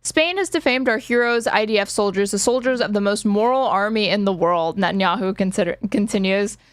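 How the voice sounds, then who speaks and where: A woman's voice: mid-range voice, brisk, clear, resonant tone. A woman hosting a casual reaction stream, talking sarcastically and swearing, with plenty of fillers. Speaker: streamer host.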